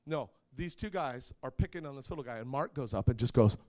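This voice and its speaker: A man's voice: medium pitch, expressive, brisk, a little mellow. A man preaching a sermon to a live congregation, conversational and joking, asking the audience questions. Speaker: pastor.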